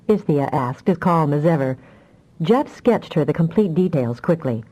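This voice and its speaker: A woman narrating a fantasy audiobook with expressive storytelling. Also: low voice, normal speed, rough recording.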